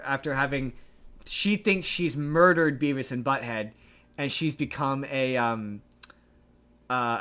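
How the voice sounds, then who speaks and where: A man co-hosting a podcast, recapping a movie plot in a rambling, animated way with many restarts. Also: mid-range voice. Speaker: podcast co-host. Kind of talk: casual movie recap chat.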